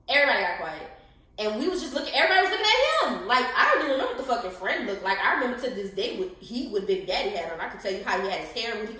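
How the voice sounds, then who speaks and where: A young woman co-hosting a podcast, telling a story in casual, profane, animated chat and acting out other people's lines. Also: on the high side. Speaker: podcast co-host. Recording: echoey room.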